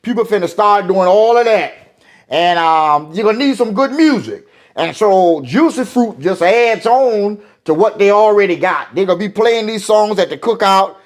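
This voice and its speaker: An older man, chatting in an interview about his music. His speech rambles with fillers and repeats, in a voice set a bit high for a man. The pitch swings widely up and down as he talks. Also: animated, normal speed. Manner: rambling, folksy, many fillers. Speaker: singer.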